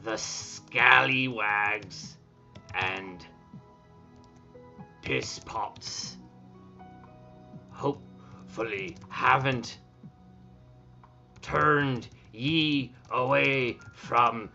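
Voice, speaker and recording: A man's voice: medium pitch, steady tone, vocal fry, pushed and bright, soft background music, exaggerated voice. A man putting on a swaggering old pirate. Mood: mock-gallant. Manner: slow drawn-out dictation, growled yars. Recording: dull lo-fi stream audio.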